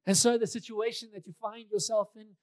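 A man's voice: high-pitched, fairly even intonation, a little fast, darkish tone, no room sound. A male pastor preaching a sermon in a conversational way, repeating key phrases for emphasis, with touches of light humor.

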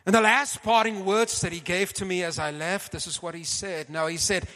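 A man telling a story in an animated sermon, often calling his audience folks and clearing his throat. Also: sits high, normal speed, few pauses. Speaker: preacher. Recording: long hall reverb.

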